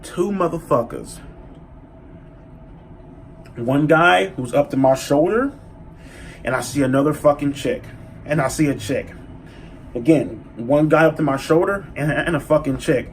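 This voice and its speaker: A man telling a story in a casual vlog, profane and animated as he rants. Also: on the high side, a little slow, long pauses, a little hiss or hum. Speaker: vlogger.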